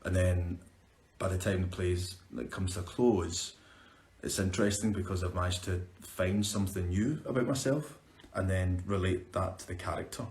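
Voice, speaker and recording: A man's voice: low voice, moderate pace, a little mellow. A young Scottish man, an actor, chatting upbeat on a live stream as he answers viewer questions. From Scotland. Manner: chatty, upbeat, restarts words. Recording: roomy echo.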